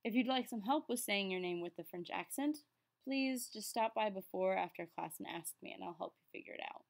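An upbeat, encouraging woman explains French to her students, her pitch sitting in a middle range. She slows down and carefully sounds out each French word before picking up her speaking pace again. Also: animated. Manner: patient, slows down to enunciate French words. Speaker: French teacher. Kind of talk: classroom lesson explanation.

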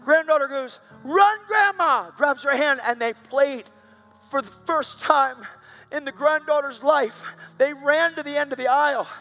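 A man preaching with a high, bright voice that climbs to loud, excited peaks as he tells a story. His sermon delivery is animated and forceful. Faint music plays softly beneath him. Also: moderate pace. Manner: animated, voice rising to loud shouts when excited.

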